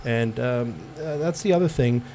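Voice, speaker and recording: A middle-aged man from the United States talks as a guest in a relaxed interview. His voice sits at an ordinary mid pitch, and his talk wanders with many fillers, restarts and easy laughter. A faint noise floor runs under the recording. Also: moderate pace. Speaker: guest, Italian-American club president. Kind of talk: casual interview chat.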